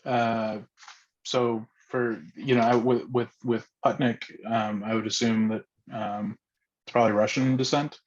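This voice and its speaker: A man's voice: mid-range voice, flat delivery, unhurried, highs cut off. A man facilitating an online group discussion, speaking hesitantly with many ums and restarts.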